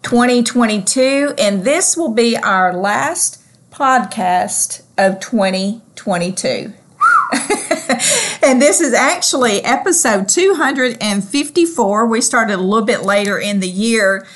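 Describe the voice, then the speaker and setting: A Southern-accented woman co-hosts a faith podcast in a relaxed, chatty way. She laughs easily and talks in a fairly high voice. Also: unhurried. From Southern United States. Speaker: podcast co-host. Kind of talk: casual ministry podcast chat.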